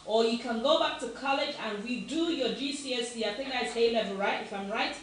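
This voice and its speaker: A woman hosts a casual live stream, speaking to viewers in a chatty, encouraging way that often breaks into laughter. Her voice sits a little high, and it rings in a very echoey room with the mic some way off. A faint hiss runs underneath. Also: a little fast, far from the mic. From Africa. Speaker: host of a live online show.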